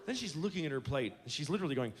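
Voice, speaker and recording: A man in his forties doing stand-up, his fairly high voice swinging widely as he tells exasperated, self-mocking stories. It is a live stage recording with clear background noise behind him. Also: lively intonation, racing, long reverb tail. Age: 40s. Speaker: stand-up comedian. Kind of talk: stand-up comedy storytelling.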